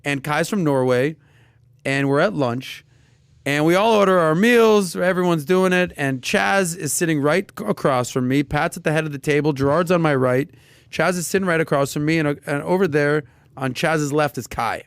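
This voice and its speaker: A man telling a lively story on a podcast, acting out the people he quotes. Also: on the high side, normal speed, smooth, no echo. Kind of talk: casual podcast chat.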